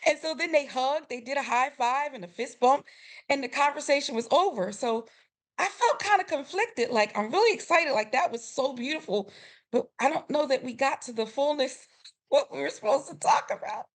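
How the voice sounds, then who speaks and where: A middle-aged woman guest on a podcast, telling a family story with lively quoted voices and frequent laughter. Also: high-pitched, moderate pace. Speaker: podcast guest, grief coach. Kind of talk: storytelling in a conversational interview.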